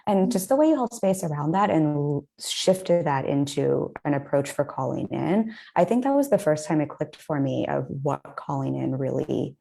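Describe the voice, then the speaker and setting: Host: a low-pitched woman with a dark, gravelly tone, talks in an effusive, searching way. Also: expressive, moderate pace, hardly any pauses. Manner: effusive, searching, lots of "like" fillers. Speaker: podcast host. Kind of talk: casual interview chat.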